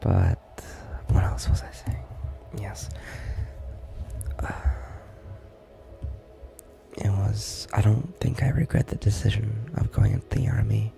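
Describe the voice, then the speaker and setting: A young man talking in soft, halting whispers in a whispered role-play stream, from his barracks room. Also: fairly low pitch, vocal fry.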